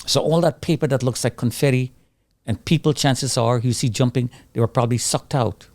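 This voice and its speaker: A middle-aged man giving an intense personal testimony of surviving a disaster, acting out his own pleas and the shouts he heard. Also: medium pitch, steady tone, a little fast, dry recording. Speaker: survivor telling his story.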